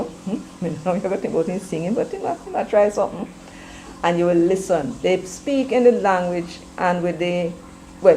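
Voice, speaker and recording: A woman's voice: on the low side, dark tone, a little hiss or hum, low-quality recording. A woman with a Jamaican accent hosting an opinionated commentary stream, emphatic and mixing patois into her English. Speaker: commentary show host.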